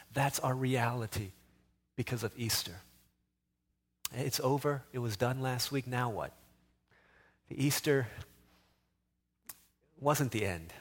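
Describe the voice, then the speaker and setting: A middle-aged man preaching a sermon as pastor, moving between animated, louder exhortation and quiet, softer storytelling. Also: medium pitch.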